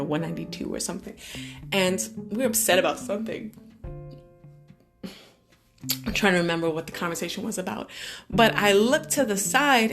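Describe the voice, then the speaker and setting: A woman vlogger giving a motivational monologue to her followers, talking emphatically with shifting pace. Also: on the low side. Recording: guitar music playing behind the voice.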